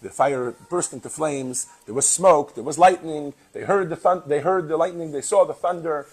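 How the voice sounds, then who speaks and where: A man's voice: fairly high pitch, normal speed, slightly rough, low-quality recording. A man with a New York accent teaching a class, chatty and joking with his listeners. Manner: chatty, jokey. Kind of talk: classroom lesson.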